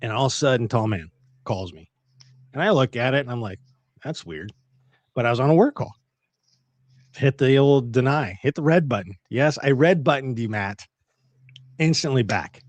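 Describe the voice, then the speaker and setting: Guy hosting a live chat, mid-pitch, chatty and animated, dry close sound. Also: moderate pace, pauses often, no echo. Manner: chatty, animated retelling with acted-out quotes. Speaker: livestream host. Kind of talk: casual live-stream chat.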